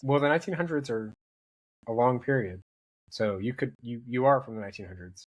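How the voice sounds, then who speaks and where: A man's voice: medium pitch, fairly quick. Man telling rambling stories. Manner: storytelling, rambling with restarts. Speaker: podcast guest. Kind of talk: casual chat.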